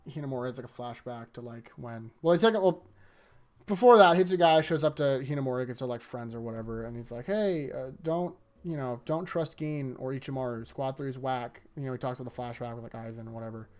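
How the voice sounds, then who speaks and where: A man's voice: medium pitch, clear, resonant tone. A man casually recapping anime episodes in a rambling, jokey way, jumping into voices. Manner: animated, jokey, with voiced impressions. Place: indoors in front of a green screen.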